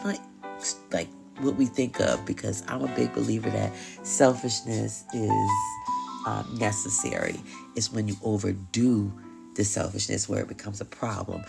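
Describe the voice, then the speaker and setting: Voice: medium pitch, vocal fry. A tarot reader hosting a live stream, talking casually and bluntly with slang, swearing and frequent laughs.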